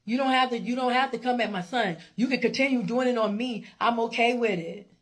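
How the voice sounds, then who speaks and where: A woman's voice: on the high side, brisk, no echo, clean studio sound. Confrontational middle-aged woman ranting. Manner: emphatic, repetitive, confrontational. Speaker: social media poster. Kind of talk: emotional rant to camera.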